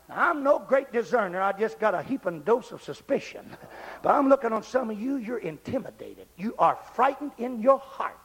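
A man preaching a revival sermon, shouting at the climaxes and dropping low for asides. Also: very animated, normal speed, slightly rough. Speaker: pastor.

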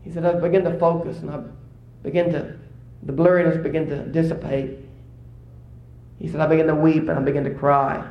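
A male preacher delivering a sermon during a church service. He tells a story and rises to excited, high-pitched exclamations. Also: brisk, reverberant, highs cut off.

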